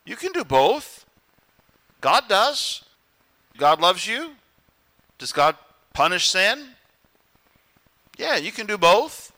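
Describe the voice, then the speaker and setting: A man's voice: sits high, big pitch swings, slow, pauses often, pushed and bright. A man preaching a sermon as pastor, earnest and direct, acting out the voices of the people he quotes and chuckling between points.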